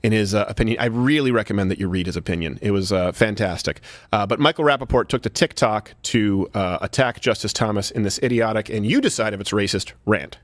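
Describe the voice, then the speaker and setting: A man's voice: lowish voice, quick pace, no echo. A man hosting a political comedy talk show, sarcastic and brash, laughing at his own jokes. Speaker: show host.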